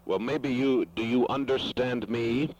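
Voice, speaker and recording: A man making a formal phone call, choosing his words carefully and pausing with hesitations. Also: medium pitch, steady tone, crowd noise. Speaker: caller. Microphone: telephone.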